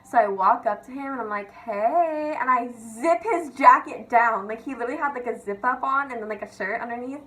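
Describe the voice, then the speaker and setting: A woman's voice: on the high side, brisk, hardly any pauses, fairly bright tone, rough recording. A young woman vlogger telling casual stories about her school years. She giggles, swears freely and fills her speech with "like". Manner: giggly, profane, filler-heavy with constant "like". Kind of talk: casual storytelling rant.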